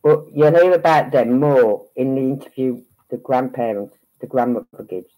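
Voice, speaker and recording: A livestream host with a mid-range voice chats casually about a case at a moderate pace, rambling and breaking off mid-thought as he fixes his screen. The highs in the audio are cut off.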